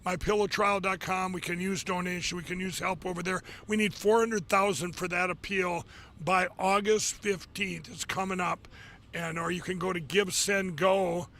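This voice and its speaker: A middle-aged man hosting a live show from his office, rambling casually with many fillers and restarts, getting excited as he talks. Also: high-pitched, normal speed, slight background noise. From Minnesota. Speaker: show host. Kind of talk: casual live monologue with ad pitches.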